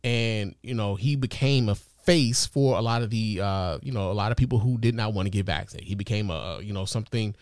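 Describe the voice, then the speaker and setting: A man's voice: fairly low pitch, brisk, hardly any pauses, darkish tone, dry recording, studio quality. Casual, profane male podcast host. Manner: loose, profane, conversational with frequent fillers. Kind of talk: casual commentary monologue.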